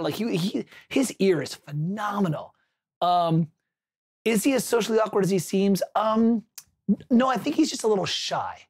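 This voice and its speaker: A man's voice: high-pitched, fairly quick, darkish tone, husky. A man hosting a livestream, chatting casually, telling a rambling anecdote with self-corrections and answering viewers' chat.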